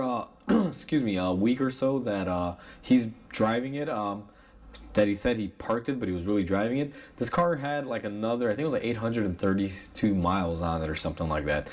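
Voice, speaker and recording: Animated Chicago mechanic telling a story. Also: male voice, fairly low pitch. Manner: animated retelling, acting out heated quotes. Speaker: auto shop owner and mechanic. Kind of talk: casual storytelling to camera.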